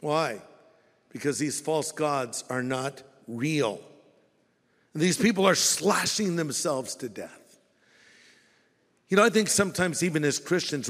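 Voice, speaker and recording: A man with a high-pitched voice preaching a sermon in a large hall with a long reverb tail. He is animated and playfully mocking, and he slips into mimicking voices as he quotes people. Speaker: pastor.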